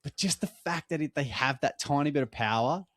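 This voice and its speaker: A man's voice: on the high side, brisk, no room sound, studio quality. A young Australian man, tired after a long trip, telling stories in a casual chat, swearing freely as a podcast co-host. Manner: swearing, animated storytelling.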